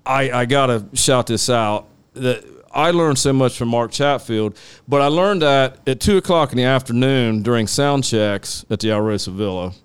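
A man's voice: mid-range voice, normal speed, clear, resonant tone, dry recording. A middle-aged man telling long, rambling stories about live sound work, swearing freely and laughing at his own tales. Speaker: guest, live sound engineer. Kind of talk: casual storytelling on a podcast.

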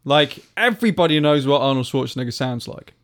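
A man's voice: medium pitch, animated, fairly quick. Dry man sharing trivia. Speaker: podcast co-host reading trivia. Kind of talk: casual chat.

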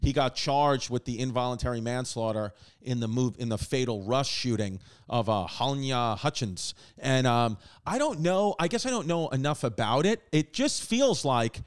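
A man's voice: medium pitch, normal speed, few pauses, clean tone. A man co-hosting a casual comedy podcast, telling rambling, profane stories with lots of restarts. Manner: rambling, profane, animated storytelling. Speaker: podcast co-host.

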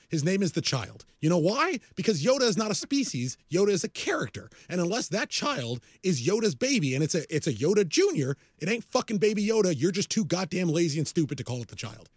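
A man in his forties rants with profane exasperation on a podcast, his voice sitting high and swinging widely in pitch. The sound is close and dry, with no room around it. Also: sing-song, fast talker, hardly any pauses, husky, no echo. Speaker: podcast co-host. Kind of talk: casual ranting chat.

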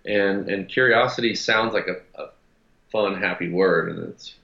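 A man telling a story as a podcast guest, reflective and halting, with frequent restarts. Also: sits low, vocal fry, sharp tone. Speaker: podcast guest, gym founder. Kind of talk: casual storytelling interview. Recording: roomy, dull sound.

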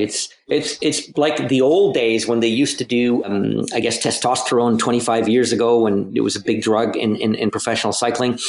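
A man who coaches cycling, talking in a halting way and repeating words as he thinks aloud. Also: mid-range voice. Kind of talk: casual podcast chat. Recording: echoey room.

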